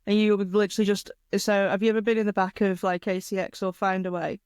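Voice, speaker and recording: A woman's voice: mid-range voice, level tone, quick pace, a little mellow, clean tone, no echo, studio quality. A woman co-hosting a casual podcast, laughing often and explaining things in an informal way. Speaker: podcast co-host.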